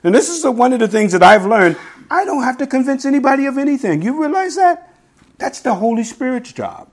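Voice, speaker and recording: A middle-aged man preaching a sermon in a conversational teaching style, reading scripture slowly and asking his listeners "right?". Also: extremely high pitch, sing-song. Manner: quotes scripture slowly and deliberately. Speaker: pastor.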